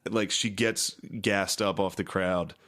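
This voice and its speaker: A man's voice: sits low, fairly even intonation, slow pace, fairly bright tone. A man co-hosting a comedy podcast, chatting crudely and laughing while doing mocking voices. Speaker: podcast co-host. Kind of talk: casual comedy podcast banter.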